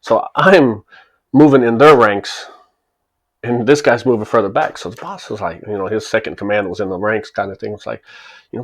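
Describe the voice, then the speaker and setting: This channel host, a man in his forties, speaks at a moderate pace in a lowish voice while recounting something that happened to him. The tone is easygoing and conversational, with laughs and impressions of the characters along the way.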